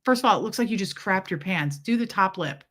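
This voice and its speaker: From home, a woman runs a casual livestream, saying hello to viewers and rambling through a chatty story with asides to the audience and her pets. Her voice is medium in pitch, animated, slightly bright, and a little fast.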